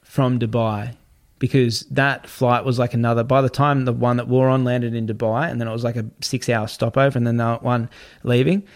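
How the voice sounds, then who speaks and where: A man telling a story in casual talk, animated and swearing, acting out what other people said. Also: medium pitch, moderate pace, hardly any pauses.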